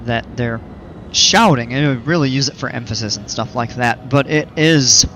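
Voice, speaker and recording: A man's voice: mid-range voice, moderate pace, fairly bright tone, slight background noise. A man streaming a park-building game, chatting casually with viewers and rambling off on tangents. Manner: rambling, chatty, explains at length. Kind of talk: casual livestream chat while playing.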